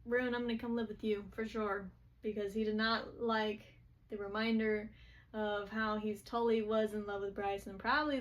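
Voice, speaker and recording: A woman casually recapping book chapters, chatty and full of quick quoted asides. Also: mid-range voice.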